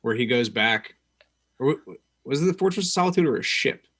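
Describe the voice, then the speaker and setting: A man's voice: medium pitch, expressive, fairly quick, a bit bright, breathy edge. A man co-hosting a casual movie podcast, earnestly explaining points and raising new topics. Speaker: podcast co-host. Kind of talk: casual movie review chat.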